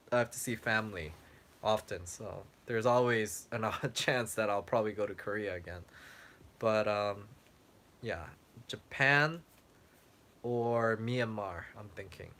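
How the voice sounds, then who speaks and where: This travel vlogger, a young man, has a mid-range, slightly bright voice that's growing tired. On a casual livestream he answers viewers' questions, leaning on lots of fillers while he clears his throat and gradually loses his voice.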